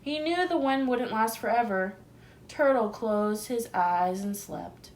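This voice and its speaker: A woman teacher reading a picture book aloud to young children, gentle and expressive, asking them questions. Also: a little high, takes it slowly, slight background noise.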